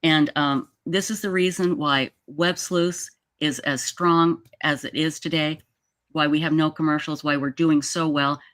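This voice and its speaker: A woman hosting a livestream, telling a story in a casual, animated way with plenty of restarts, speaking over a video call. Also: low voice, measured pace. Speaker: livestream host.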